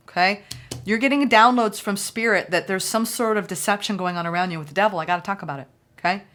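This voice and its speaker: A woman giving a tarot reading in a casual, reassuring way, often checking in with "okay?" and acting out people's reactions. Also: fairly low pitch. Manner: reassuring, keeps asking "okay?"; animated, acts out quoted reactions. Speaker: tarot reader.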